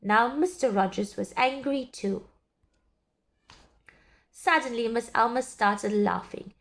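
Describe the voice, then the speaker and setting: A woman reading a children's story aloud in an expressive, sing-song way. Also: on the high side, takes it slowly. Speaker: storybook reader.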